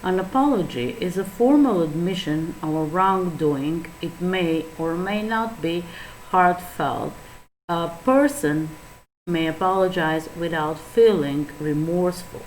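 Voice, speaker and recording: Macedonian woman as English teacher, lower voice, faint hiss behind. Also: low-quality recording. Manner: explains slowly with small restarts and fillers. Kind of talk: online lesson reading examples.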